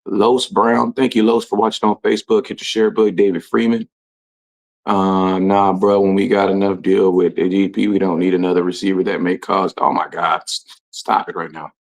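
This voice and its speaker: A man hosting a casual livestream, reading out commenters' names and greeting them in relaxed, slangy talk. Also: low voice, normal speed. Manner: shouting out commenters, laid-back slangy talk. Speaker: livestream host. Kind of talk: casual live-stream chat.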